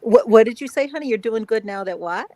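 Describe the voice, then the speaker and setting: A woman in casual live stream chat, effusive and quick with compliments. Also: fairly high pitch, lively intonation, a loud crowd, rough recording. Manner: warm, effusive, gushing with compliments.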